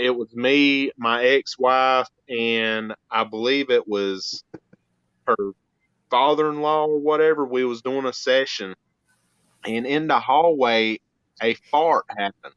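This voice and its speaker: A man's voice: medium pitch, a bit bright, smooth, no room sound. A man telling an earnest story about an investigation in a casual chat. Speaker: paranormal investigator guest. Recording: dull lo-fi audio.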